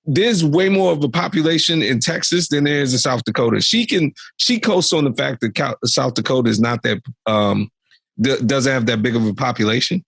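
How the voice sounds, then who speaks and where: A man's voice: mid-range voice, brisk, vocal fry, a bit bright, husky, no room sound. A young adult man co-hosting a podcast, ranting animatedly about politics in exasperated casual commentary. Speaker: podcast co-host.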